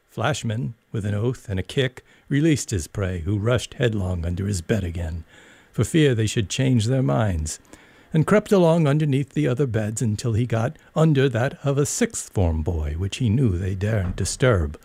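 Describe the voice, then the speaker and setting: Gravelly, husky male storyteller, dry sound. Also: lowish voice, no room sound. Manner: measured, expressive narration. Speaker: narrator. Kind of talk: storybook reading.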